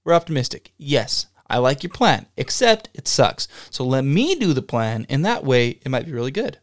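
A man's voice: mid-range voice, big pitch swings, normal speed. A man co-hosting a podcast, acting out comedic movie-parody skits with a showy, playful announcer delivery. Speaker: podcast co-host.

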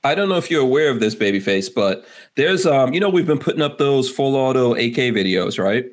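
A man's voice: medium pitch, animated, fairly quick. A man hosting a casual podcast chat, rambling loosely and laughing often. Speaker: podcast host.

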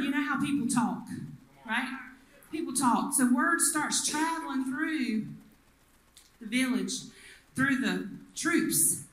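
A woman's voice: high voice, a bit bright, echoey room, rough recording. A woman pastor, preaching a sermon and retelling the story with acted voices. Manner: storytelling, acts out the quoted people.

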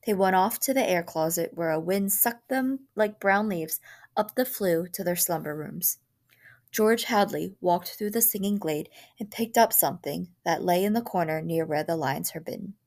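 A woman narrating a short story aloud in a calm, measured way. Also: on the low side. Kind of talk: storybook reading.

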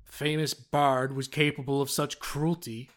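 A man's voice: medium pitch, flat delivery, measured pace, fairly bright tone, close to an everyday voice. A man voicing a composed male adventurer who speaks in a soothing, reassuring way. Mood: comforting.

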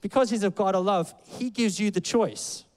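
A man's voice: high-pitched, moderate pace, darkish tone, long reverb tail. A man preaching a sermon in a loose, conversational way, full of fillers and playful asides. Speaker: pastor. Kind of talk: casual sermon.

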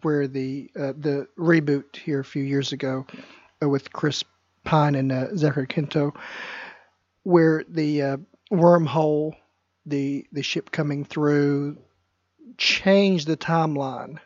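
Man, podcast co-host, casual chat, halting with fillers, dry lo-fi recording. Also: fairly high pitch, steady tone, darkish tone, no room sound. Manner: hesitant, many fillers and restarts. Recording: dry, dull lo-fi sound.

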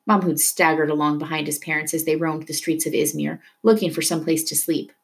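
A woman reading a novel aloud with steady storytelling narration. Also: deep voice, a little fast, creaky, few pauses. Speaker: reader.

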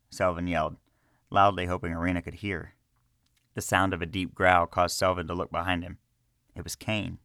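Male audiobook narrator, very deep, measured and slow, dry close recording. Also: steady tone, fairly bright tone, no room sound. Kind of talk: scripted narration of a fantasy story.

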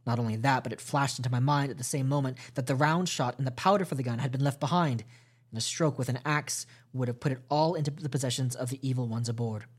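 A man narrating a classic adventure novel aloud at a steady, measured pace, with small restarts. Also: medium pitch, husky. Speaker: podcast host reading a novel aloud. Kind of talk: audiobook storytelling narration.

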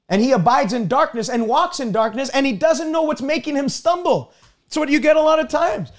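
A man's voice: very high voice, a little fast. A man preaching a streamed sermon, building his points through repetition and scripture quotes.

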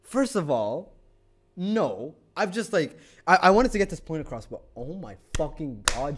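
A young man tells a story on a casual podcast chat. His voice is fairly high and swings widely in pitch. He swears freely and acts out everyone's lines as he goes. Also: moderate pace. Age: young adult. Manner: animated, swears a lot, acts out quotes. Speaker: podcast co-host.

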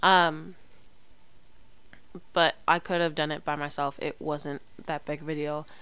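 Her deep voice barely moves in pitch, unhurried, a bit bright and smooth. She's a young adult vlogger talking casually to the camera, chatty and rambling, full of fillers, restarts and self-corrections.

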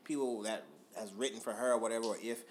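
A man's voice: lowish voice, steady tone, fast, slight background noise. A man co-hosting a podcast in laid-back, rambling chat, swearing freely. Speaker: podcast co-host. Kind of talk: casual chat.

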